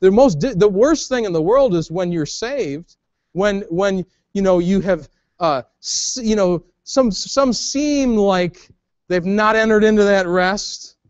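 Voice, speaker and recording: A man's voice: sits high, dry recording, muffled recording. A male pastor preaching a sermon in a church, folksy and plain-spoken, often repeating his words as he goes. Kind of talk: evangelical sermon. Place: church sanctuary.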